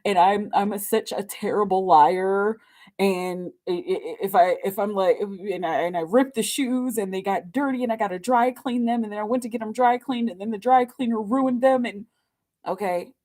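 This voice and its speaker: A woman giving a casual live tarot reading, animated and giggly, with many fillers. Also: mid-range voice, moderate pace. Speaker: tarot reader.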